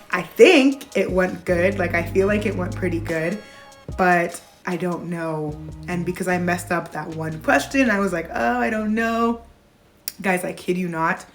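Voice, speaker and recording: Young woman vlogger, lower voice, lively storytelling, faint music underneath. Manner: animated retelling, acts out quoted voices. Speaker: vlogger, new nurse graduate. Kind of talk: casual storytelling to camera.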